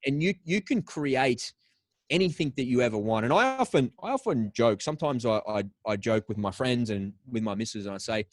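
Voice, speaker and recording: A man's voice: mid-range voice, expressive, brisk, dry recording, clean studio sound. A man with an Australian accent, a podcast guest telling stories in a casual, upbeat way with plenty of slang. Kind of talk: casual interview talk.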